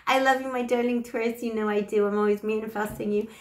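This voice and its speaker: A woman's voice: a little high, steady tone, quick pace, darkish tone, echoey room. A woman doing a casual tarot reading to camera, chatty and affectionate, a little short of breath. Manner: chatty and affectionate, with fillers like "you know". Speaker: tarot reader.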